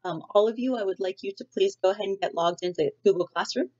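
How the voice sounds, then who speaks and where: A woman's voice: mid-range voice, fast talker, darkish tone, highs cut off. A middle-aged woman teacher chatting in a friendly way with many fillers, reading a storybook aloud to students from home.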